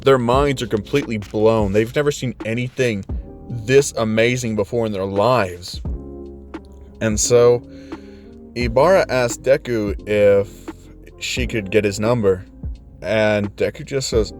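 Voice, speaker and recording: A young man casually telling a fan-made story, in a loose, slangy style with swearing and quick voiced asides. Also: fairly low pitch, a little mellow, faint music behind.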